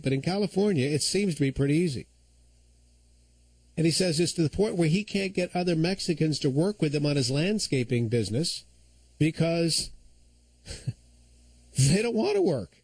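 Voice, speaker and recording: A man's voice: a little high, a little mellow, no room sound, rough recording. A man filling in as host of a talk radio show, telling stories and giving opinions in a conversational monologue on a studio microphone.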